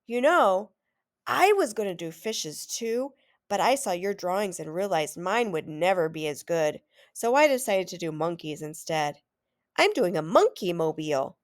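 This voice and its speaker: A woman reading aloud, voicing an eager, friendly schoolboy who talks excitedly. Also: fairly low pitch, unhurried. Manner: excited and chatty.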